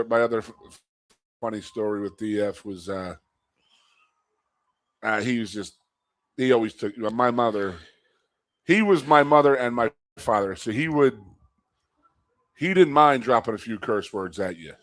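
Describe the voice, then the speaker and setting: Male co-host, casual storyteller, average pitch, dry booth sound. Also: no echo. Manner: animated storyteller, acts out quotes in a high loud voice. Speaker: co-host and former college athlete.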